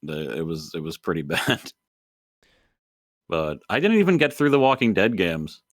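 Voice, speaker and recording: A man's voice: low-pitched, big pitch swings, normal speed, dry recording, clean studio sound. A man co-hosting a casual gaming podcast, rambling with lots of fillers and frequent laughter. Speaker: podcast co-host. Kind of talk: casual chat.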